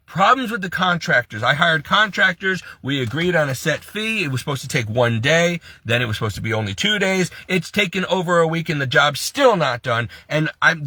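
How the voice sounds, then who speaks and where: A man pours out a distressed, pleading monologue in a high, bright voice with a husky edge. He speaks to the camera with mounting exasperation, recorded dry and close. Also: dry recording. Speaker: Catholic video creator.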